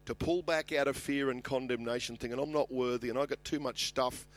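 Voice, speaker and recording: Passionate Australian pastor preaching. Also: male voice, fairly even intonation, a little fast. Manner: passionate, rises in pitch and volume when reading scripture. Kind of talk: sermon.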